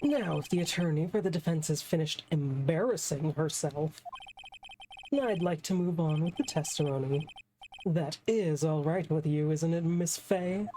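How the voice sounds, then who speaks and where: A woman voicing a smug young male prosecutor from a game, formal and haughty in a measured way. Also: sits low, mellow, a little hiss or hum, close to an everyday voice, poor audio. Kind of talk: reading game dialogue aloud.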